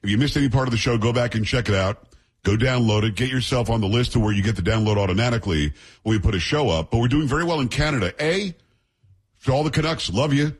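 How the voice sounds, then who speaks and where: A middle-aged man runs a radio talk show in a relaxed, joking style, trading chatty banter with a sidekick between segments. His voice is mid-range and a little husky, and he talks fast.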